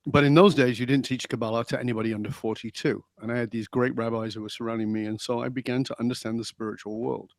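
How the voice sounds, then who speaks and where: A man's voice: medium pitch, fast, gravelly, hardly any pauses, dry recording. A middle-aged man from England, a podcast guest telling his life story with animation and acting out remembered lines. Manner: animated storyteller, acts out quotes. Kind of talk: storytelling interview.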